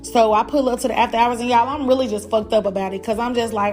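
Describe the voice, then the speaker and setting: High-voiced woman telling a blunt, profane story. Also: fast talker, few pauses, soft background music. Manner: blunt, profane and animated, talking straight to listeners as "y'all". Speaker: podcast host. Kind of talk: casual storytelling.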